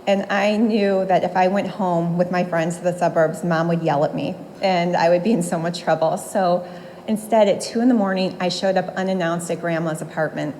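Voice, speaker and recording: A woman's voice: lowish voice, fairly even intonation, normal speed, darkish tone, a little hiss or hum, poor audio. Woman in her 40s doing a eulogy at a funeral home mic, fond storytelling, little laughs. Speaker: granddaughter giving a eulogy.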